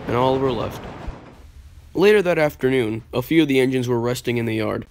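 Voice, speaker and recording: A man's voice: medium pitch, a little fast, dry recording. Man narrating a storybook, dry close mic. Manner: steady, storytelling.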